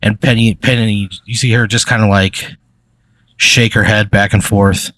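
A man's voice: lowish voice, fairly even intonation, a little slow, fairly bright tone. A man narrating a tabletop role-play as game master, in a rambling style full of fillers.

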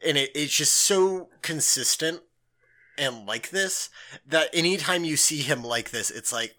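Man, very bright tone, chatty and animated podcast co-host, lots of "like". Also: on the high side, measured pace. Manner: animated, filler-heavy, acts out quotes. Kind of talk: casual recap chat.

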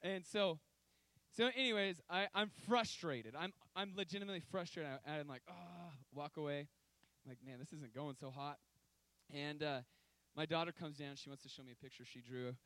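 A man in his thirties preaching a sermon, telling stories with emphatic, sudden loud outbursts. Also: fairly high pitch, normal speed, dry recording, rough recording.

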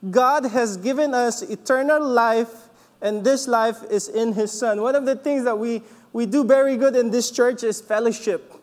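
A man leading a church service, preaching in a relaxed, joking way and often checking in with the congregation. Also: extremely high pitch, normal speed, long reverb tail. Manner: chatty, laughs often, checks in with "okay?". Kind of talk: casual sermon with jokes. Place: church hall.

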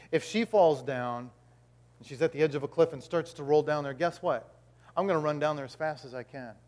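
A middle-aged male pastor preaching a sermon, telling a homely story and acting out the voices in it. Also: fairly high pitch.

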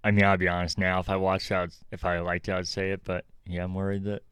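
Male podcast co-host, very low and level voice, laid-back and wry. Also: monotone, quick pace, fairly bright tone, clear, resonant tone, dry recording, studio quality. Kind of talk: casual chat.

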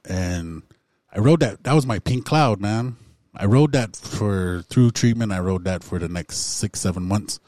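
A man's voice: fairly low pitch, a little slow, a little mellow, no echo, clean studio sound. A man candidly telling his own recovery story in a conversational way, with plenty of fillers. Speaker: speaker sharing recovery story.

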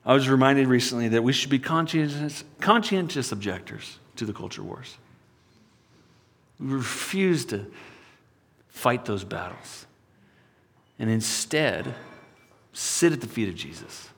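Animated preacher in a reverberant hall. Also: male voice, mid-range voice, a little slow, creaky, pauses often, slightly rough. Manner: storytelling with sudden swings from loud to hushed. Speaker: pastor. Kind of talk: sermon.

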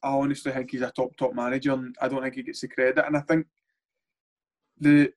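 A man's voice: mid-range voice, little pitch movement, fairly quick. A Scottish man, a former footballer, talking bluntly in a casual podcast chat, rambling and swearing freely. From Scotland.

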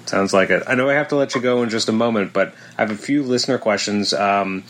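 A man's voice: on the low side, fast, a bit bright. Stammering male podcast host. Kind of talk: interview questions.

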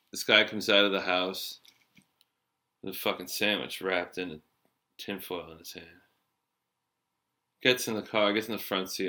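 A man's voice: low voice, bright, forceful tone. A middle-aged man telling a loose, profane story from his cab-driving days in a casual chat. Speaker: storyteller, former cab driver.

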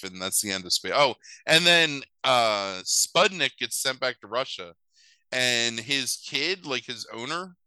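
A man's voice: medium pitch, smooth, dry recording, rough recording. A man co-hosting a podcast, telling a movie plot in a casual, sarcastic and profane way. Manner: animated, profane, sarcastic storytelling. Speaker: podcast co-host. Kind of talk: casual chat recapping a movie.

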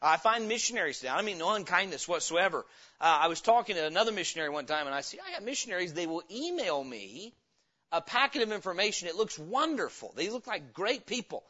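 A man's voice: sits high, big pitch swings, fast talker, pushed and bright. A man preaching a sermon as pastor, in a folksy, conversational way with homespun stories, in a church. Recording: dull lo-fi sermon recording.

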